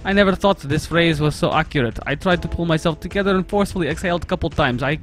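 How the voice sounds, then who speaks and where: A man's voice: a little high, fast, faint music behind, lightly acted. A man voicing a nervous, sarcastic young Russian man alone at night, with a put-on Russian accent and broken English while reading a visual novel aloud. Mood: jittery.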